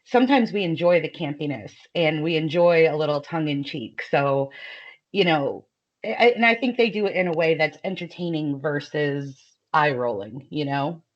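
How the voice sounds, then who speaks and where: A woman with a light Southern American accent talks in a loose, chatty way, laughing often and leaning on fillers. Her voice sits a little low. The recording is dull and lo-fi. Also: expressive, normal speed. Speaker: guest author. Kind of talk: casual podcast chat.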